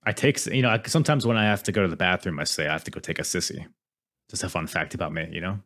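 A man's voice: sits low, expressive, racing, fairly bright tone. A man co-hosting a podcast, recapping events with dry jokes in a casual chat. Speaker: podcast co-host.

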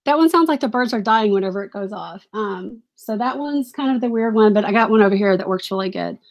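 A woman's voice: medium pitch, expressive, brisk. A woman hosting a casual live stream, chatty, apologetic and easily distracted, gushing over items she is shown.

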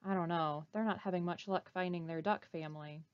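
A woman librarian reading a picture book aloud to children, pausing to ask them questions. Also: on the low side, clear, resonant tone, no room sound. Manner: animated, asks children questions. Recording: dull, slightly muffled recording.

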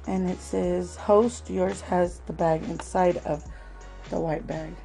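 A woman hosting a craft swap unboxing vlog at home, talking slowly and gently and calling viewers "love" again and again. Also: lowish voice, fairly even intonation, vocal fry, faint music behind, rough recording. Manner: slow, gentle, calls viewers "love" often.

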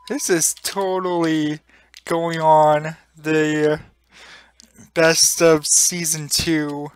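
Slow-talking young gamer, laughing. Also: mid-range voice, big pitch swings, clear, resonant tone. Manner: exclaims and laughs often. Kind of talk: casual gameplay commentary.

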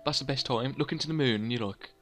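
A man's voice: mid-range voice, fast talker, fairly bright tone, soft background music. A young man casually commentating his gameplay, rambling and joking at his own expense. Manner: rambling, self-mocking, chatty, laughs at own jokes. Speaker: let's play host.

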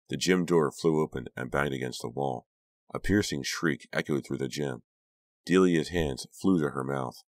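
A man narrating an audiobook in a steady, dramatic reading voice. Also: very deep voice, normal speed, no echo. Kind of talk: scripted narration.

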